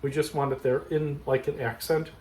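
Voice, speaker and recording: A man hosting a casual cooking demonstration, explaining each step in a relaxed, chatty way from his home kitchen. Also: mid-range voice, moderate pace, low-quality recording. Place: backyard garden, then home kitchen.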